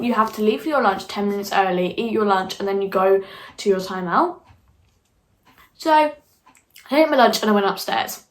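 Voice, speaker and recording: A young woman telling a school story in a casual vlog, animated, swearing freely and acting out her own reactions. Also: medium pitch, low-quality recording. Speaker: vlogger.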